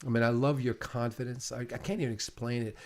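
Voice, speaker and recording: A man's voice: medium pitch, fairly even intonation, fast. Middle-aged guy chatting w his partner, rambles, repeats himself, gets choked up. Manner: rambling, emotional, repeats words. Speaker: host interviewing his partner. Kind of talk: intimate casual chat.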